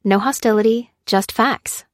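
A woman's voice: on the high side, a little slow, no room sound, lightly acted. A woman voicing a guilt-ridden young woman survivor who talks bluntly and soberly in an audiobook. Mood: dry. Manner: blunt and dry, sober when confiding.

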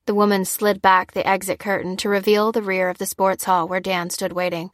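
A woman reading a story aloud in steady, even scripted narration. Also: medium pitch, a little fast, no room sound, clean studio sound. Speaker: audiobook narrator.

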